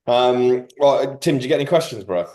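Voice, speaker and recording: A man's voice: medium pitch, expressive, brisk, warm tone. A man hosting a podcast, chatting casually with lots of slang and banter. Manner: banter-heavy, slangy, joking. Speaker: podcast host. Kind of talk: casual chat.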